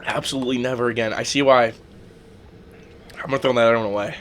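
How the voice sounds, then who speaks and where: A man's voice: medium pitch, fairly even intonation, fast talker, fairly bright tone, a little hiss or hum. A young man from the hosting a casual podcast, chattering nervously with lots of fillers. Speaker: podcast host. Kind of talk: casual chat.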